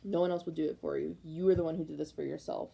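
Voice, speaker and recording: Husky-voiced woman reading tarot, emphatic. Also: deep voice, quick pace, rough recording. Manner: rambling, repetitive, emphatic, many likes; excited, fired up. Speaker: tarot reader.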